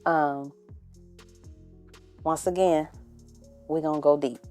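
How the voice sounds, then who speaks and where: Candid young woman podcast host, low voice. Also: fairly even intonation, takes it slowly, soft background music. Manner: candid, conversational, drifts into hushed murmurs. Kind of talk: casual emotional monologue to camera.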